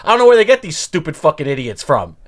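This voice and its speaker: A furious old comedian, put on by a man, shouting with wounded pride. His voice jumps well above his normal register. The tone is bitter and indignant, from a washed-up man who expects respect. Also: fairly high pitch, sing-song, quick pace. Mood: sneering.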